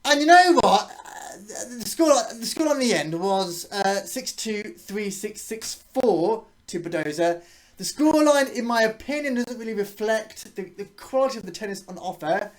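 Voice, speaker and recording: A woman's voice: medium pitch, lively intonation, normal speed, a little mellow. A woman giving a casual, rambling reaction to a match as a channel host. She swears freely and often restarts her sentences.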